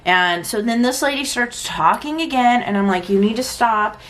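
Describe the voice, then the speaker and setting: A woman's voice: on the high side, normal speed, a bit bright. A young adult woman chatting frankly in a casual storytime vlog, acting out quoted lines and saying "like" often. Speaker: vlogger and parent.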